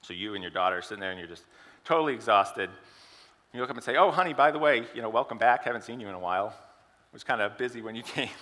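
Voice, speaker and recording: A man's voice: medium pitch, expressive, quick pace, bright, forceful tone, in a large hall. A man giving a sermon, telling an illustrative story and asking the congregation questions. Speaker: preacher.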